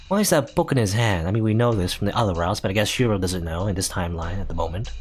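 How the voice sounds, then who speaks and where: A man's voice: low voice, lively intonation, fast talker, hardly any pauses, husky. A man hosting a let's play, reading the game's text aloud and adding dry, sarcastic comments between lines. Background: faint game music.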